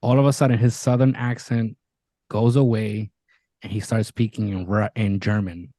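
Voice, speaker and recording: Swearing freely, another podcast co-host recounts a TV show with animated energy, acting out scenes in quoted voices during a casual chat. He has a fairly low pitch, keeps a moderate pace, and the audio has no echo.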